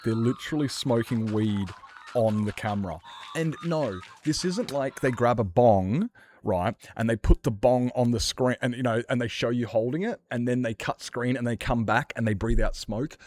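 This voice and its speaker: An Australian man streaming a game, chatting casually in a rambling, sweary, animated way. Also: mid-range voice, a little hiss or hum. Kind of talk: casual chat while gaming.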